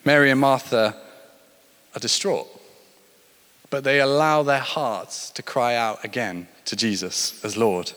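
A man preaches in a mid-range, slightly bright voice, weaving stories into his sermon and driving to emphatic points. The storytelling swells and dips with emphasis, recorded with long hall reverb.

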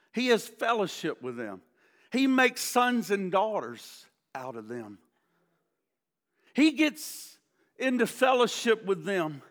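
A man with a very high, bright and forceful voice delivers a sermon as a pastor. He climbs to loud, punchy repeated lists, then sinks into quiet, slow appeals, stumbling over and repeating words as he goes. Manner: builds to emphatic repeated lists, drops to soft slow appeals; repeats and restarts words when stirred.

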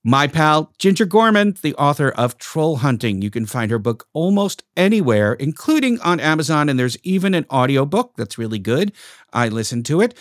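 A man's voice: medium pitch, no echo. A man with a Brooklyn accent hosting a podcast from a studio, chatty and joking. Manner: lively, joking, conversational. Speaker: podcast host. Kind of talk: podcast interview chat.

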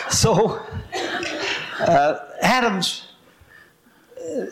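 An older man shares a testimony in church, winding from one moment to the next and often breaking into laughter. His voice sits a little high for a man, and he is short of breath. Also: animated, slow, long pauses. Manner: rambling storytelling, breaking into laughter. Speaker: church member sharing a testimony.

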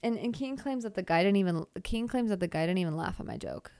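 Chatty young woman with gravelly fry. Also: medium pitch, expressive, quick pace, darkish tone, no room sound. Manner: rambling, chatty, self-deprecating humor; lots of filler "like". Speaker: podcast host. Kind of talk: casual storytelling monologue.

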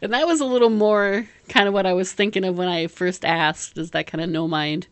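A woman's voice: fairly low pitch, fairly quick, clear, resonant tone, no room sound. A woman chatting casually as a podcast co-host, rambling with lots of fillers and frequent laughs. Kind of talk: casual chat.

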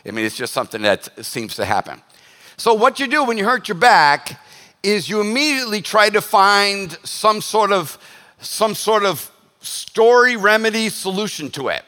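A man preaching a sermon as pastor, animated and joking, slipping into quick voiced asides. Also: high voice. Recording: long hall reverb.

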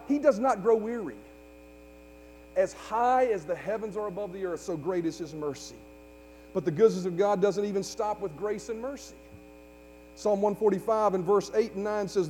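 A man's voice: high-pitched, animated, moderate pace, a little mellow, slightly rough. A man preaching a sermon to his congregation, building fervor and calling for responses. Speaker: pastor. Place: church sanctuary. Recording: hall reverb with faint mains hum.

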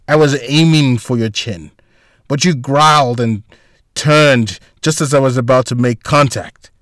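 A man's voice: medium pitch, no room sound, clean studio sound, natural voice. A man voicing a cheerful, foul-mouthed male bodyguard who tends a wounded woman, talking in a casual, profane, joking way. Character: gruff cursing male bodyguard, cheerful caretaker.

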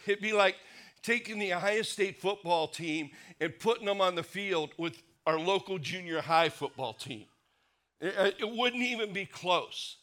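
A pastor preaching a sermon, earnest, sinking to a quiet low voice for weight and lifting it for questions to the congregation. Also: male voice, unhurried. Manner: earnest preaching, drops low and soft for emphasis, rises for rhetorical questions.

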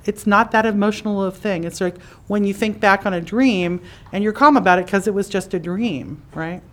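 A chatty woman hosting in front of a live audience, her voice sitting at a middle pitch. She explains things in a loose, conversational way, and she voices imagined thoughts with sudden, lively jumps in pitch. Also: normal speed. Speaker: podcast host and psychic teacher. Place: conference room with a live audience.

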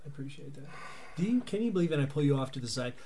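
A man's voice: mid-range voice, big pitch swings, very fast, warm tone, a little hiss or hum. A man playing a tabletop game, talking in a theatrical, rambling way. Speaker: player. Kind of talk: casual tabletop game banter.

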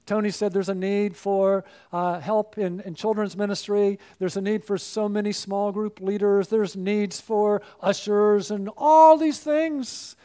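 A man's voice: high-pitched, normal speed, warm tone. A man preaching a sermon as pastor, earnest and building to fervent appeals.

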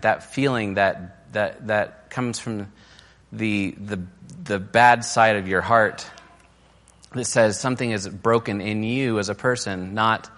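A man's voice: on the low side, unhurried, a bit bright. A man giving a casual, conversational sermon on marriage, full of fillers and restarts, sometimes mimicking quoted criticism in a raised, mocking voice. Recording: long hall reverb.

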